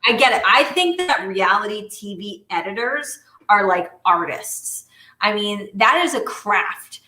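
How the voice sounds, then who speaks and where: A woman co-hosting a podcast, chatting casually in an animated, emphatic way. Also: mid-range voice, measured pace. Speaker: podcast co-host. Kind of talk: casual chat. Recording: roomy echo.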